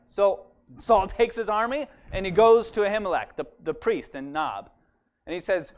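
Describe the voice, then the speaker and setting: A man with a high voice tells a church congregation a Bible story. His delivery is chatty and animated, full of "like" and "right?". He sounds like he is talking with friends rather than preaching. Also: measured pace. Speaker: church speaker. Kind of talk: casual storytelling sermon.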